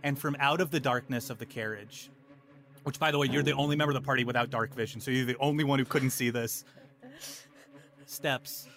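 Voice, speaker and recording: A man narrating a tabletop game as game master, playful and quick to slip into little voices. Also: medium pitch, fairly even intonation, a bit bright, faint music behind.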